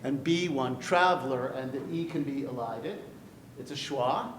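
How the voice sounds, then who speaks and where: A man teaching a class on poetry, lively and jokey, putting questions to his students. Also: a little slow. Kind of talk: classroom lecture on verse. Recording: echoey room with light rumble.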